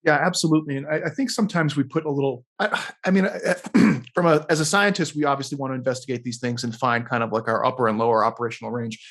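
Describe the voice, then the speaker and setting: A man in his thirties, a scientist co-hosting a casual question-and-answer chat, agreeable and quick to laugh, with frequent restarts. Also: medium pitch, fairly bright tone. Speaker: co-host, sports scientist.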